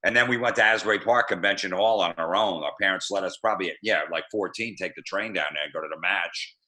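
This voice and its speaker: Profane deadpan comedian spinning stories. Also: male voice, low voice, fast talker. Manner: profane, deadpan storytelling with quoted voices. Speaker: guest comedian. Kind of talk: casual podcast storytelling.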